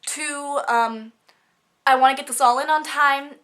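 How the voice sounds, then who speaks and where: A teenage girl with a high, pushed, bright voice chats in a casual vlog about her school classes, gushing and bubbly with rapid chatter, though her delivery stays flat. She sounds stuffy from a cold as this student vlogger talks.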